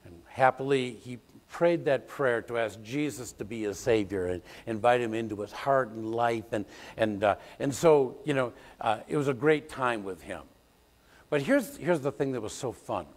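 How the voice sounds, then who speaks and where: An older man, a pastor, preaching a sermon, telling stories and breaking into loud snippets of old songs. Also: mid-range voice, normal speed. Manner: storytelling, animated, bursts into loud sung song snippets. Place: church sanctuary. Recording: long church hall reverb.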